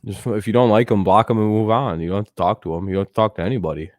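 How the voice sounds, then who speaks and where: A young male streamer talking loosely to his viewers, his voice sitting a little low. He rambles and swears freely, chuckling between thoughts. The sound is dry and close, with no room around it. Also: steady tone, racing, a little mellow, dry recording. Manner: rambling, profane, laughs often, talks to chat. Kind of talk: casual live-stream chat.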